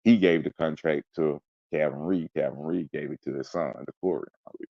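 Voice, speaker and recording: In a casual interview chat, a male guest with an extremely low, creaky voice speaks a little fast as he retells a personal story. He's intense and emphatic, sometimes mimicking sounds aloud. The recording has no echo and the highs are cut off.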